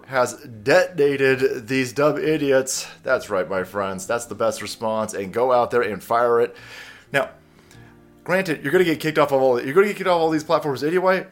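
Profane, ranting male vlogger. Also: mid-range voice. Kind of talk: ranting commentary vlog.

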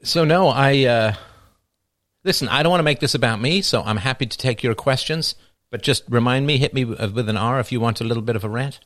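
A man's voice: mid-range voice, brisk, fairly bright tone, dry recording, studio quality. A middle-aged man hosting a livestream, talking in a wry, rambling way while answering questions. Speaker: livestream host taking questions. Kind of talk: casual livestream monologue.

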